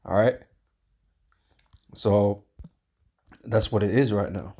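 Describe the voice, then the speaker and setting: A man preaches in a loose, conversational way, repeating himself and checking in with his listeners. His voice sits a little low, and he presses his points with steady emphasis. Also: takes it slowly, breathy edge. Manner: rambling, repetitive, emphatic with frequent fillers and tag questions. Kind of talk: informal preaching with scripture reading.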